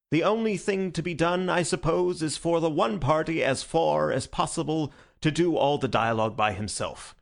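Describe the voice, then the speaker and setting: Man voicing a tipsy young gentleman, giddy, florid, bubbling, gravelly, audiobook. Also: mid-range voice. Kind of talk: audiobook character voice.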